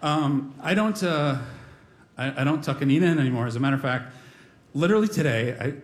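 A man's voice: a little high, animated, brisk, a little hiss or hum. A middle-aged man telling a personal story on stage before a live audience, wry and self-deprecating with comic timing.

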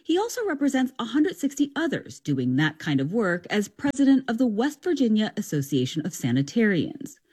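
A woman news reporter reads a scripted radio story in a measured broadcast manner. Her voice is lively in pitch and slightly husky.

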